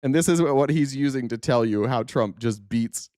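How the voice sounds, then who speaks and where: Young male host, mid pitch, bone-dry sound, mocking and profane, laughs through takes. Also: normal speed, darkish tone, no room sound. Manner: sarcastic, profane, laughs often. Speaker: political commentary host. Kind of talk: casual reaction commentary.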